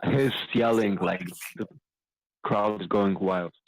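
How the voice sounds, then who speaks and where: Low-voiced man running a tabletop game. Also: takes it slowly, no room sound, low-quality recording. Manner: casual, relaxed narration. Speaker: game master. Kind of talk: narrating a tabletop game online.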